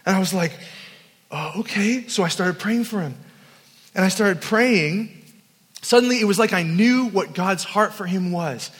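A man preaches to young people at a camp, weaving in humorous, self-deprecating stories. His voice sits high for a man. The sound carries a long, lingering hall reverb. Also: measured pace, slightly rough. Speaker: youth camp speaker. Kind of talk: storytelling sermon.

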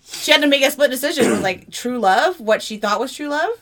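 A young woman co-hosting a casual podcast, telling stories in an animated way and swearing a lot. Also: sits high, a little fast. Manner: animated storytelling, heavy swearing. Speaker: podcast co-host. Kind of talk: casual chat.

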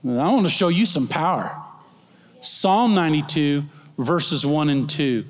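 A middle-aged male pastor preaching a sermon, moving between soft, slow passages and loud, emphatic proclaiming. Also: a little high, lively intonation. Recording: long hall reverb.

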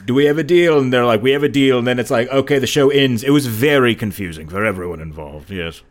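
A man's voice: medium pitch, fast talker, lightly acted. A man playing a pompous, fussy theatre director on a comedy radio show. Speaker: guest.

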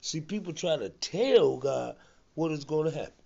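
A man's voice: fairly high pitch, expressive, moderate pace, gravelly, darkish tone. A man preaching on his podcast with fervent, repetitive, rhythmic delivery, in a lo-fi recording.

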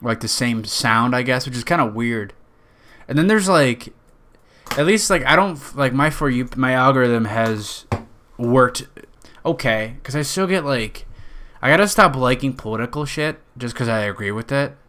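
A man's voice: mid-range voice, expressive, normal speed, a bit bright, slight background noise. A man with a nasal Western New York accent, hosting a podcast in a rambling, profane, jokey monologue. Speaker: podcast host.

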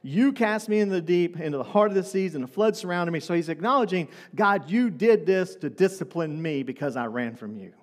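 A man with a notably high voice preaches a sermon to his congregation. He talks in a loose, conversational way and keeps throwing rhetorical questions at the room. His voice rings out with the long reverb of a church hall. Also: lively intonation, fairly quick, few pauses. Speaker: pastor.

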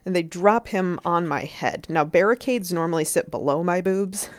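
Woman w a deep low voice, rambly storytelling, says like constantly, swears a lot, dry close sound. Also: moderate pace, dry recording. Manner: rambling, heavy use of "like", swears freely. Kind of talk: casual storytelling.

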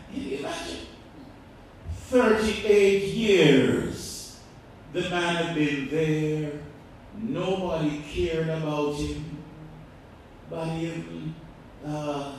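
A male pastor preaching a sermon, asking the congregation rhetorical questions and swinging between loud and quiet. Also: a little high, creaky, slight background noise. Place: church. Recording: echoey church hall, mic far off.

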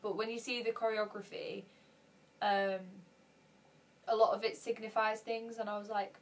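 A woman's voice: medium pitch, level tone, normal speed, pauses often, distant mic. Chatty woman, a bit off-mic. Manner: chatty, laughs often, acts out her own reactions. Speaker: podcast co-host. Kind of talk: casual chat.

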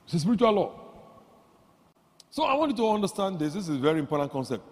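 A man preaching a sermon, swinging from quiet asides to loud exclamations and leading the congregation in call-and-response. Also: quick pace, long pauses, breathy edge. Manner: animated, jumps from low asides to loud exclamations. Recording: long hall reverb.

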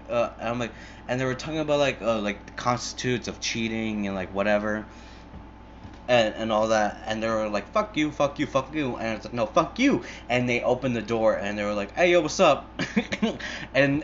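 A man's voice: on the low side, fairly bright tone, highs cut off, a little hiss or hum. A young man in a casual, rambling monologue, filling every gap with "like" and swearing freely as he retells a film. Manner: rambling, filler-heavy, swears a lot. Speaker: movie fan retelling a film.

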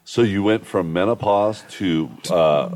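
A man's voice: deep voice, a little slow, darkish tone. A man hosting a casual interview, prompting his guest with wry questions. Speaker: host.

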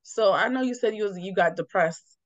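A woman interviewing a guest in casual talk, asking gentle, sympathetic questions. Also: mid-range voice, a little fast, no echo. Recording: dull lo-fi mic, dry.

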